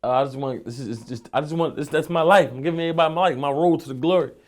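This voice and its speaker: In a fairly high voice, the young man races along as he's interviewed. A rapper from Philadelphia, he tells casual street stories loaded with profanity and "you know what I'm saying."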